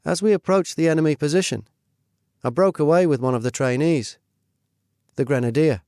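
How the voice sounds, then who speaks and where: A middle-aged man reading his own memoir in a measured, steady storytelling voice. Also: on the high side, dry recording, studio quality. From United Kingdom. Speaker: narrator. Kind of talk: first-person memoir narration.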